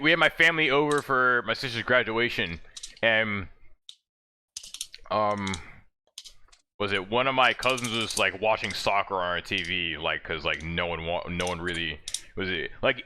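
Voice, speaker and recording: A man's voice: on the low side, sharp tone, slight background noise. A man streaming and chatting loosely about a fighting game, swearing freely and laughing often. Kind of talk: casual gaming chat.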